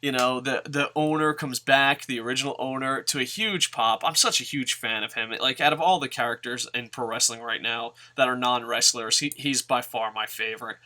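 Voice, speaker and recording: Excitable, foul-mouthed man with a bright voice. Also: mid-range voice, normal speed, hardly any pauses. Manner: excitable, swears constantly, bursts into loud shouts; rambling, self-correcting. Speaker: wrestling show reviewer. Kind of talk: casual profane recap vlog.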